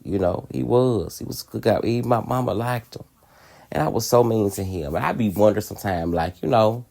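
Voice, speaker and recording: Candid, profane man with a low voice. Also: a little fast, vocal fry, dark tone. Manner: candid and profane, laughing often. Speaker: podcast host. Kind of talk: casual personal storytelling.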